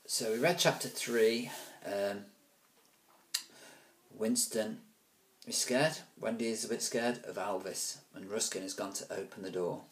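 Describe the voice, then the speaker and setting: A man reading a children's book aloud, with relaxed, chatty asides. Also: fairly low pitch, a little slow, long pauses. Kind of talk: casual read-aloud storytelling.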